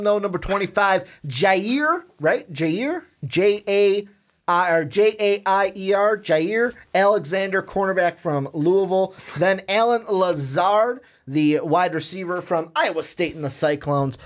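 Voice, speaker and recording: A man co-hosting a sports podcast in loose, chatty talk. His voice sits a bit high for a man. He rambles, stumbles over words and laughs easily. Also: measured pace. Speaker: podcast co-host. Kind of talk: casual sports podcast chat.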